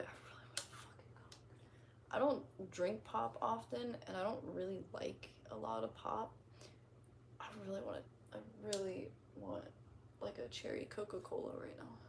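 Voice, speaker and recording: A woman's voice: mid-range voice, creaky, a little mellow, slight background noise. A young woman casually chatting on a stream, reading out comments and reacting in a blunt, profane, rambling way. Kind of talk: casual livestream chat.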